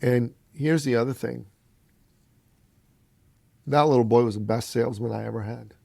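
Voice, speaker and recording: With a creaky voice at a moderate pace and no room sound, a man tells a personal story as a podcast guest. Calling the listener "brother," he plays out each quoted voice in animated fashion, with big pitch jumps.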